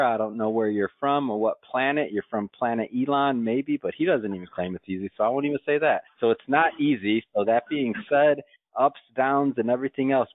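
A man's voice: mid-range voice, no echo. A man from the Midwest hosts an entrepreneurship podcast in a loose, enthusiastic, rambling way. The sound is dry and tinny, like a phone line. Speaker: podcast host. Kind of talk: casual interview.

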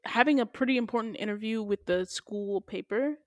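A woman's voice: on the high side, brisk, dry recording, studio quality. A young woman hosting a podcast, recapping a TV episode in a playful, slangy way. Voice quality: animated, playful delivery with slang. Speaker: podcast host. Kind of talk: casual TV recap chat.

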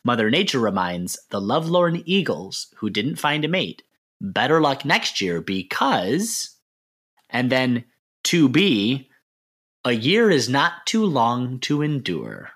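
A man's voice: medium pitch, takes it slowly, breathy edge. A man co-hosting a casual sports podcast, joking and getting worked up as he answers listener questions. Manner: animated, joking, worked-up rants. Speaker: podcast co-host.

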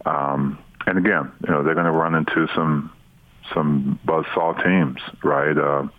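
A man being interviewed as a basketball broadcaster on a morning sports radio show, answering in a relaxed, halting way. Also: rumbling low, dry recording, phone-quality sound.

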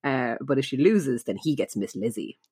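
A woman's voice: a bass voice, expressive, moderate pace, mellow, husky. A woman co-hosting a podcast, chatting casually and giggling as she retells scenes. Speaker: podcast co-host. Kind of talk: casual chat recapping an episode.

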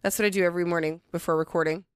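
A woman co-hosting a casual podcast, sarcastic and quick to laugh, swearing casually as she banters at a friend's house. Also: fairly low pitch, fairly even intonation, smooth, dry recording. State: sensitive stomach. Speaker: podcast co-host. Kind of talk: casual chat.

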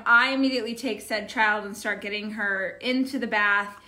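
A woman in her thirties co-hosting a casual chat, telling a story with animated voices. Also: mid-range voice, moderate pace. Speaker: podcast co-host.

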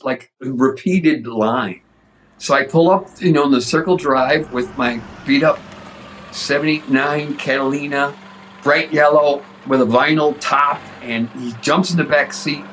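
An older man casually telling a lively backstage anecdote, swearing freely. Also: medium pitch, normal speed, slight background noise, poor audio. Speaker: guest storyteller.

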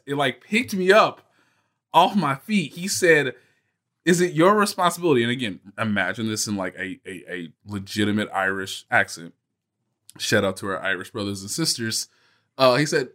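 A man co-hosting a casual sports podcast, telling stories in an animated, laughing way. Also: medium pitch. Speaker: podcast co-host.

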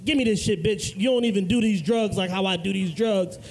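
High-voiced joking man. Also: a little fast, vocal fry, darkish tone, rough recording. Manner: profane, joking storyteller. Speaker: podcast co-host. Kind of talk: live podcast storytelling. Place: live comedy club show.

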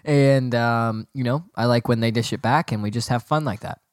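A young man talks straight into a close mic in a dry, deadened room, his voice sitting at an ordinary middle pitch. He rambles through a casual solo podcast rant, sarcastic and full of restarts. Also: normal speed, dry recording. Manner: rambling, sarcastic, breaks into giggling fits. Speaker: podcast host.

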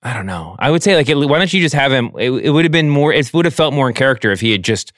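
A man's voice: medium pitch, expressive, fast talker, a bit bright, no room sound, studio quality. A man hosting a casual podcast chat, rambling and trailing off as he talks things through. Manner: rambling, trails off, acts out scenes. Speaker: podcast host.

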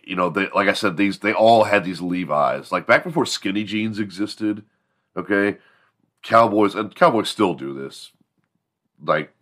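A man with a very low voice and a bright, forceful edge hosts a morning show. He tells comedic stories in a rambling, profane, animated way. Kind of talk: comedic storytelling.

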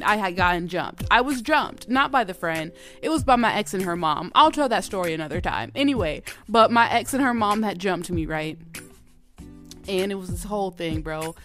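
A woman hosting a podcast, telling a personal story in a casual, profane way that turns loud and heated. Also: mid-range voice. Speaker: podcast host.

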